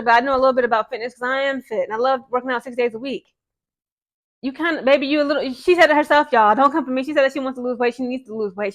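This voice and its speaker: Fast-talking fired-up woman ranting. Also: sits high, a bit bright. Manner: fired-up, repeats "okay?" and "again". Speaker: sports vlogger. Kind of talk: casual ranting vlog.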